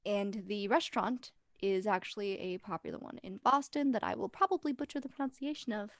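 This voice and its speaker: A woman's voice: mid-range voice, brisk, no echo. A woman narrating as game master for a tabletop game, chatty and self-deprecating, on a close mic.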